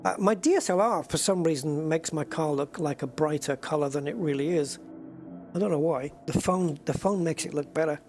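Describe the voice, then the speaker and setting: Chatty, rambling gamer with a higher voice. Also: male voice, moderate pace, a little mellow, faint music behind. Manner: rambling, chatty, easily moved. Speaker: gaming streamer. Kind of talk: casual gameplay commentary.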